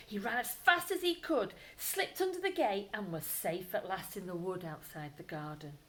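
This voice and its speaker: A woman, a primary school teacher, reading a bedtime story aloud to children, expressive, with whispered asides. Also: medium pitch, normal speed, few pauses, a little hiss or hum, rough recording.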